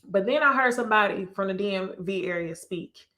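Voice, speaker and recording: A woman's voice: mid-range voice, fairly quick, bright, forceful tone. Chatty Texas woman on a live stream. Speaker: YouTube host. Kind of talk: casual live-stream chat.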